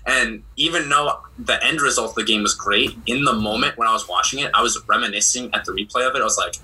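A young man co-hosting a casual sports chat, recounting games in a relaxed, matter-of-fact way. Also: medium pitch, quick pace, hardly any pauses, slight background noise, poor audio. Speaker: podcast co-host.

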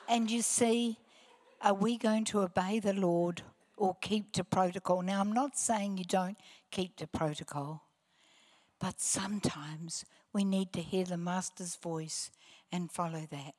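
Older kiwi lady preaching, earnest storytelling, goes soft and hushed, takes her time. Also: medium pitch, steady tone, slow, big-room sound. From New Zealand. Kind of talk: testimony sermon.

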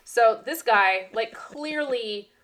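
Taking it slowly, the teacher speaks at a fairly high pitch while co-hosting a podcast. In casual conversation she tells lively stories, voicing the children in them.

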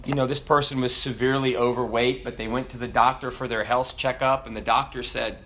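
A man's voice: mid-range voice, quick pace, few pauses, a little hiss or hum. A man in his thirties with a Southern American accent, preaching a sermon in a folksy, joking way with many questions to the congregation. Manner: folksy and animated, jokes and rhetorical questions.

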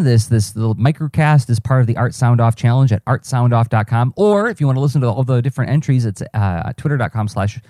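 A man's voice: medium pitch, lively intonation, quick pace, few pauses, mellow, no echo, studio quality. A man hosting a solo podcast, thinking aloud in a rambling, self-correcting, conversational way. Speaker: podcast host, cartoonist and teaching artist. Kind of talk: reflective solo podcast monologue.

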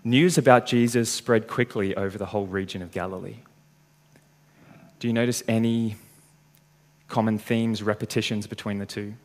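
A man's voice: lowish voice, steady tone, normal speed, long pauses. A man preaching a sermon, working through a passage step by step and reading the scripture aloud.

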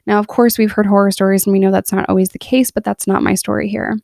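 A woman's voice: mid-range voice, level tone, fast, creaky, darkish tone, dry recording, clean studio sound. A woman in her thirties telling her personal story in a candid, earnest monologue, emotional in places. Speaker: podcast storyteller.

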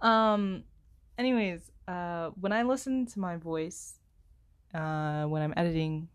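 Young woman, somewhat low voice, slow self-deprecating solo podcast ramble with constant fillers, headset mic. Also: clear, resonant tone. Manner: self-deprecating, apologetic, heavy filler words; speaks slowly, pauses to find words. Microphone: headphone microphone.

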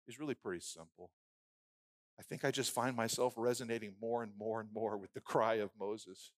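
A man preaching a sermon who builds phrases into rhythmic lists and drops from loud emphasis to a hushed, prayerful murmur. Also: on the low side, moderate pace, dry recording, clean studio sound.

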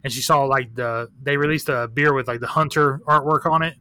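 Man, podcast guest, bright forceful voice, rambling, swears freely. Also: medium pitch, fairly even intonation, fairly quick, dry recording. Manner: candid, profane, rambling with many fillers. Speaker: guest, record shop owner. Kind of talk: casual chat.

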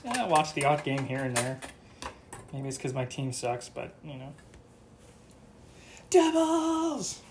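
Cooking breakfast at home, a man from Canada rambles and jokes through his solo podcast, swearing freely. He speaks at a moderate pace with a medium-pitched voice, while slight background noise and the clink of dishes and cutlery come through.

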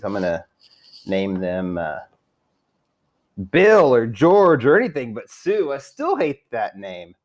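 Foul-mouthed man ranting with a lively pitch. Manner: crude, trash-talking, rambling, swears constantly. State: drinking. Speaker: fantasy football league member recapping the season. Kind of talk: profane casual rant.

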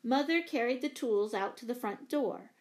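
A woman narrating a children's novel in a clear, even storybook reading. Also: a little high, moderate pace. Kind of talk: scripted narration.

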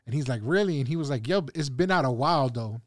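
Animated New man telling a story. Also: medium pitch, quick pace, background noise. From New York. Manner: animated storyteller, swears freely. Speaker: podcast co-host. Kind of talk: casual chat, storytelling.

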